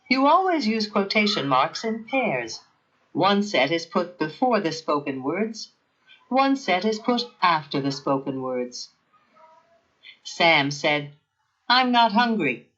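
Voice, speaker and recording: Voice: medium pitch, big pitch swings, slow, long pauses, fairly bright tone, muffled recording. A narrator giving a scripted grammar lesson in a careful, evenly paced teaching manner.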